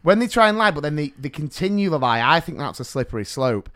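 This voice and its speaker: Talking fast in a voice that runs a little high, this podcast co-host and teacher tells stories in a casual chat. He's an animated storyteller who laughs a lot and acts out quotes.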